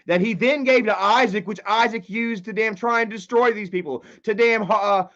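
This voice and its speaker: A man hosting a casual livestream, reading chat and commenting in an excitable, profane way that swings from loud outbursts to low muttering. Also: moderate pace. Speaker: livestream host. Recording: dull lo-fi stream audio.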